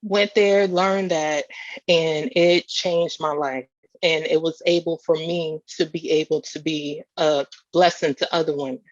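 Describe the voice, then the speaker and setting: A woman's voice: low voice, steady tone, a little slow, no room sound, lo-fi sound. A woman speaking earnestly as a keynote speaker, sharing a personal testimony with repeated emphatic phrases.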